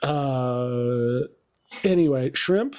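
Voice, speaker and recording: A man playing a tabletop game, speaking in a relaxed, halting, friendly way. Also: mid-range voice, clear, resonant tone. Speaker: player. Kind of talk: in-character play.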